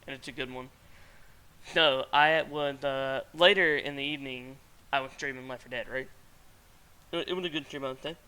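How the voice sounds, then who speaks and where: A man's voice: medium pitch, steady tone, normal speed, pauses often, sharp tone, smooth. A man hosting a casual streamed podcast, telling a rambling story with frequent laughter. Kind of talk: casual chat.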